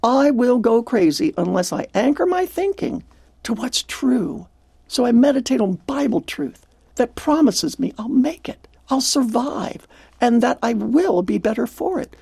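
An older woman with a husky, gravelly voice hosts a devotional radio program. Her tone is mellow and dark, earnest and reflective. The studio sound is dry and close. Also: fairly high pitch, no room sound. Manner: earnest, reflective, quotes scripture.

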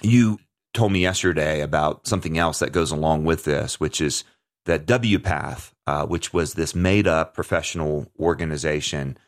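A man with a very low voice talks through a topic in conversational commentary. He is earnest and emphatic and often restarts mid-sentence as he hosts the show. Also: moderate pace.

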